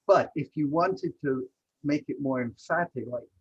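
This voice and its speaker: A husky-voiced man teaching a language class over a video call. He explains grammar patiently, walking through example sentences one at a time. The voice is slightly rough. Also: medium pitch, normal speed, lo-fi sound. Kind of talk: online language lesson.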